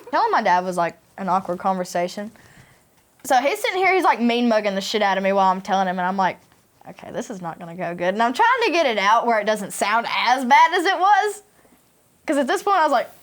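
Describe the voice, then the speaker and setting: A woman's voice: fairly high pitch, sing-song, quick pace. A young woman with a Tennessee Southern accent, hosting a casual chat with friends and telling crude, laughing stories. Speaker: podcast host.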